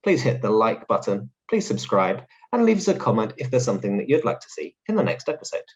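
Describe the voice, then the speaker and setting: A man hosts a lesson, explaining words clearly and cheerfully. His voice rises and falls in a very lively way. The recording sounds a little dull and lo-fi. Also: lowish voice, fairly quick, heavy background noise. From London. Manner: clear, explanatory, upbeat teaching tone. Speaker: English teacher host. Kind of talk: English vocabulary lesson.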